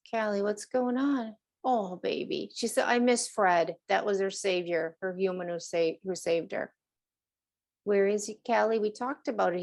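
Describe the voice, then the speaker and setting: Woman, host, casual chat, middle-aged, laughs often, playful impressions. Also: medium pitch. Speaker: animal communicator host.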